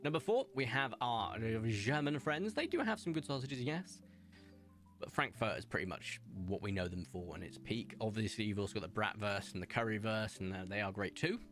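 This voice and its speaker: Casting note: young English man, casual and excitable stream chatter, slightly low pitch. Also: a little fast, soft background music. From England. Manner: chatty, enthusiastic, rambling, laughs often.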